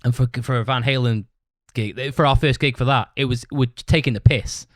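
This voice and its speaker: At normal speed and in a steady, mid-range voice, a male podcast host tells a rambling story, recorded with no echo. He swears constantly and keeps tagging his sentences with "right?" in this casual monologue.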